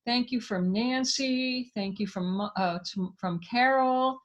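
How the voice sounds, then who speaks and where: Effusive high-voiced woman host. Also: slow pace. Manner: effusive, enthusiastic, reads viewer comments aloud. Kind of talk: live online interview wrap-up.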